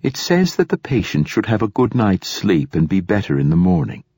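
A man voicing a calm android guide. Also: fairly low pitch, moderate pace, husky, no echo, studio quality, full character voice. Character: calm precise male android companion.

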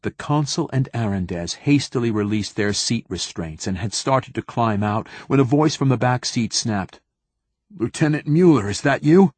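A man narrating an audiobook in a steady, measured reading. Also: on the low side, no room sound. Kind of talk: scripted narration.

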